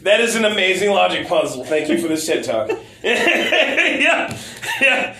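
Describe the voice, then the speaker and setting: A man in casual chat, rambling with many stammered restarts and a lot of swearing, his voice going hoarse. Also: high voice, big pitch swings, unhurried, crowd noise. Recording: roomy echo.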